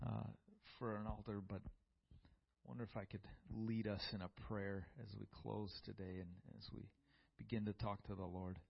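A man's voice: lowish voice, little pitch movement, moderate pace, creaky, hardly any pauses, dull audio. A man preaching a sermon in a church, reading scripture aloud and building to fervent peaks.

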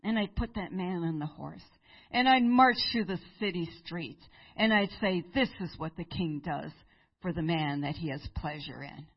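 A woman's voice: lowish voice, normal speed, breathy edge, lo-fi sound. A woman preacher voicing a proud, scheming male royal official in a Bible story. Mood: boastful.

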